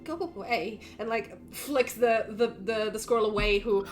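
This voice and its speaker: A woman's voice: fairly high pitch, level tone, moderate pace, soft background music. A woman narrating as game master of a tabletop role-play, casual and giggly. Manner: casual, giggly, restarts often.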